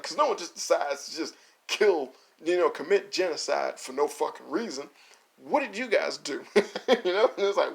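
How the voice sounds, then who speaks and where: A man's voice: fairly high pitch, gravelly. A man in a casual, exasperated rant reviewing an anime, swearing and laughing as he mocks the characters. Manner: mocks characters in quick put-on voices. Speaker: video essay host.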